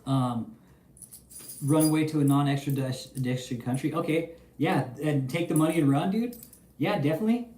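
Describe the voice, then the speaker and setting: A man's voice: fairly high pitch, moderate pace, echoey room, recorded from a distance. Profane man ranting on a livestream. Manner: profane, animated, chatty. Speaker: livestream host. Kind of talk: casual livestream commentary.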